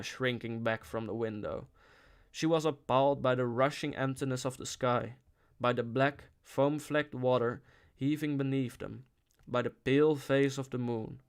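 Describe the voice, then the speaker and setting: A man narrating an audiobook in a steady voice, with occasional restarts on words. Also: mid-range voice, smooth. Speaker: audiobook reader. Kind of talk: unscripted-feel audiobook narration.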